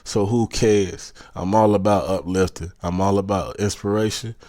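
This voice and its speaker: A man's voice: sits low, fairly even intonation, moderate pace, mellow, no echo, studio quality. A man from South Carolina with a Southern accent, hosting a podcast and giving a preachy, motivational monologue that keeps repeating its urgings. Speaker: podcast host.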